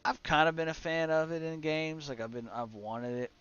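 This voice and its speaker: A man's voice: on the high side, moderate pace, fairly bright tone, clean tone. A young man streaming a game, muttering casually to his chat and swearing at the menus. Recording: slightly dull lo-fi stream audio with faint music.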